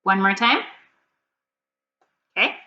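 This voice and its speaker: A woman teacher leading a phonics reading lesson for young children, prompting slowly and patiently, sound by sound. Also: mid-range voice, sharp tone. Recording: dull, slightly noisy, roomy sound.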